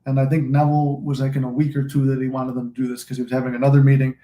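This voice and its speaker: A man's voice: mid-range voice, monotone, racing, warm tone, dull audio. Rambling man in an echoey room. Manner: rambling, loose and profane. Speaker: manifesting channel host. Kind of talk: casual livestream chat. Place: room at home, smoking a cigar. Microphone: phone recording.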